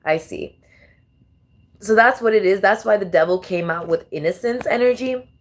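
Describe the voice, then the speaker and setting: A woman vlogger chatting casually over music she plays, working things out aloud as she goes. She talks in a mid-pitched voice, swears freely, and keeps stopping to restart her sentences. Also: moderate pace. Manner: casual, profane, thinking aloud with many restarts. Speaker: tarot and astrology vlogger. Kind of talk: casual commentary while playing songs.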